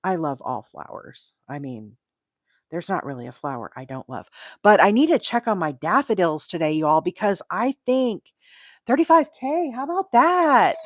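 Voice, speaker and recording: A woman's voice: fairly low pitch, sing-song, normal speed, no echo. A woman hosting a crochet livestream, chatting casually, rambling and laughing often. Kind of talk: casual live-stream chat.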